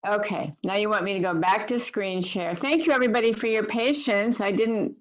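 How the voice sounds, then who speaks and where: A woman on a video call, chatting casually as a guest speaker and reading poetry slowly and deliberately. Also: mid-range voice, fairly even intonation, low-quality recording.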